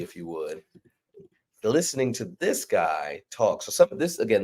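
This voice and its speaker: Casting: lower-voiced man, loose and rambling host energy. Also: a little mellow. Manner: rambling, self-correcting, laughs often. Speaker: comic publisher host. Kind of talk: casual livestream chat.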